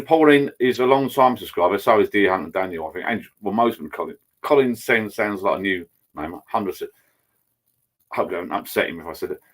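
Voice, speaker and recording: A man's voice: deep voice, animated, brisk. A middle-aged man, rambling casually on a live stream from his home bar and greeting viewers by name. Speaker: channel host. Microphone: laptop.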